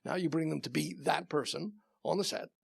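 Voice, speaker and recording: A man's voice: on the high side, a little fast, vocal fry, slightly rough, dry recording, studio quality. A man moderating an onstage conversation, asking probing, thoughtful follow-up questions.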